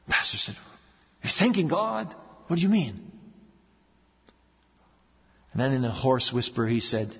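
A man preaching a sermon earnestly, dropping low and slow for stories and rising for emphasis. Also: sing-song, creaky. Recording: dull sound with long hall reverb.

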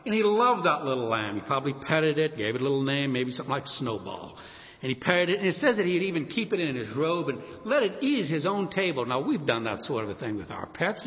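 A male preacher delivers a sermon with a lively, swooping voice that sits a little high for a man, acting out the characters of his story. His voice rings out with a long reverb through a large hall. The recording sounds somewhat dull and muffled. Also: quick pace.

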